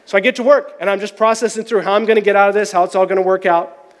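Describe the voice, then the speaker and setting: A man's voice: sits high, fairly even intonation, racing, in a large hall. A man preaching a sermon, telling a personal story in a candid, conversational, self-deprecating way. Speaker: pastor.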